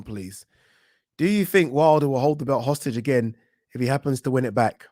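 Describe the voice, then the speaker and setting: Male streamer, casual live chat, frank and animated, mid pitch, dry close sound. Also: fairly quick, dry recording. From England. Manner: animated and frank, swears, reads viewer comments aloud. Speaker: boxing channel host.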